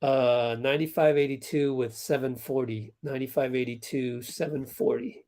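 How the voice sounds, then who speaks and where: A man's voice: medium pitch, steady tone, moderate pace, darkish tone. Chatty man live-streaming game commentary. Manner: chatty, reacts to plays, talks to chat viewers. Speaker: livestream host doing game commentary. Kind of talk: casual live commentary for a watch-along stream.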